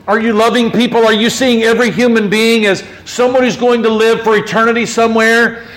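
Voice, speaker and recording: Guy preaching a sermon, kinda high voice, chatty, lots of questions to the room. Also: fairly bright tone, slight background noise. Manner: conversational preaching, rhetorical questions, repeated restarts. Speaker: pastor.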